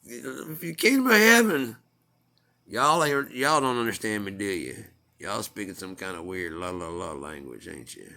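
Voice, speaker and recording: A man's voice: lowish voice, big pitch swings, normal speed, creaky, pushed and bright, exaggerated voice. A man voicing Jesus as a folksy Southern country man, talking in a homespun drawl with a put-on Southern US accent. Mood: exasperated.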